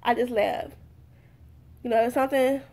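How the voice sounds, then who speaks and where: A woman's voice: on the high side, moderate pace. A woman talking casually to her viewers and giving advice, earnest and repetitive, often calling them "you guys.". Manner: acts out heated and calm exchanges. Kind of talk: casual talk to camera.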